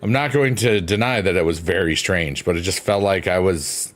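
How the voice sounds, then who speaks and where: A man's voice: sits low, normal speed, a bit bright. A man from New York rambling casually on a stream, meandering and playful as he talks to his chat. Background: piano music.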